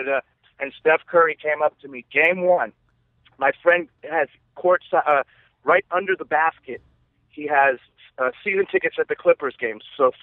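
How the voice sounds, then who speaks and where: A forty-year-old man from California's East Bay, a podcast guest telling rambling, excitable stories in casual chat. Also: a little high, no echo. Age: 40s. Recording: tinny phone line, dry.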